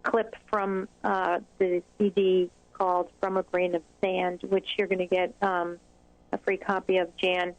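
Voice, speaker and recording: A woman hosts a conversational interview, encouraging her guest and pausing often on fillers. The audio sounds muffled and bone dry, with no room around the voice. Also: lowish voice, level tone, no room sound. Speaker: interview host, child anxiety specialist.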